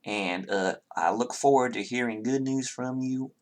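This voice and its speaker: A man's voice: medium pitch, unhurried, close to an everyday voice. Man putting on a genteel Southern town official. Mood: courteous drawl.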